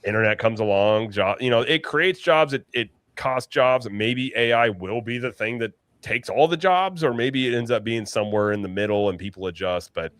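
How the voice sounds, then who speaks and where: A man's voice: medium pitch, normal speed, few pauses, fairly bright tone, no room sound. A man hosting a casual livestream podcast, chatty, often restarting and correcting himself. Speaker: podcast host. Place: home, late at night.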